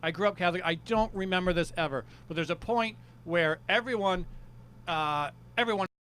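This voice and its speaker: A man in his fifties, a podcast guest, telling wry anecdotes in a deadpan way during a casual chat. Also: high voice, a little fast, clean tone. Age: 50s.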